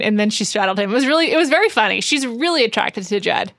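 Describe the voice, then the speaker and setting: A woman's voice: fairly high pitch, animated, fast talker, few pauses, a bit bright, no room sound, studio quality. A woman from New York co-hosting a podcast, chatting casually and rambling with lots of "like" fillers. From New York City. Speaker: podcast co-host. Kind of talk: casual chat.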